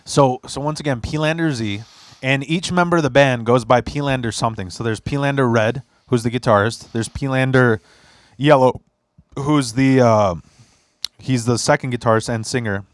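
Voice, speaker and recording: A man hosts a loose podcast chat, spinning a long story with bursts of laughter and plenty of swearing. His voice sits at an ordinary middle pitch, and the sound is dry and close, with no room around it. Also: normal speed, no room sound. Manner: laughing storyteller, profane and teasing. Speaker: podcast host. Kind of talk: casual chat. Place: basement.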